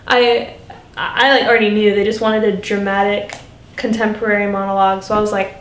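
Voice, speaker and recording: A woman's voice: level tone, fairly quick. Earnest chatty young woman in an echoey room. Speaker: vlogger. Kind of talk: casual personal vlog storytelling. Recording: echoey room, faint rumble.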